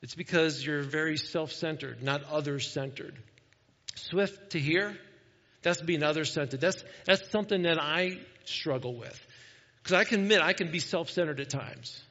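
A middle-aged man preaches a conversational sermon, his voice sitting a little higher than most men's. He talks in a folksy way and often restarts his sentences. The sound is dull, and a long reverb trails through the big church. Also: moderate pace, bright, forceful tone. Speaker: pastor. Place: church sanctuary.

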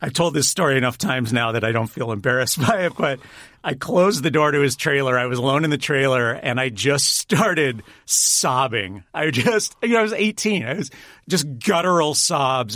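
A man's voice: medium pitch, moderate pace, fairly bright tone, no echo, studio quality. A man being interviewed, telling stories in a chatty way, laughing often and restarting his sentences. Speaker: guest, director and writer. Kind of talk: casual storytelling interview.

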